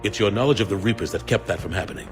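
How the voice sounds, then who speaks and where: An actor playing a firm, steady older male fleet admiral who mentors a soldier in a game cutscene. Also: fairly low pitch, very fast, over music, close to an everyday voice.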